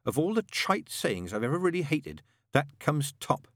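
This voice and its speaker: A man reading aloud and voicing a sharp-tongued young woman with a dry, cutting manner. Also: low voice, big pitch swings, normal speed, dry recording, voice pushed up. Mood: wry.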